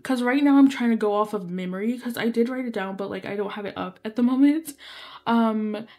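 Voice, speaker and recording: A woman's voice: a little high, brisk, a little mellow. A young woman casually telling a story while playing, rambling with many fillers and apologetic asides. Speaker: gaming video creator.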